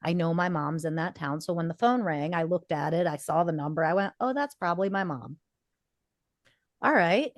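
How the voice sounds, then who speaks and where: A woman's voice: fairly low pitch, moderate pace, no echo. Woman podcast co-host, forties, earnest storyteller, dry close sound. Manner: earnest storytelling, acts out quoted dialogue. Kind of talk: casual podcast conversation.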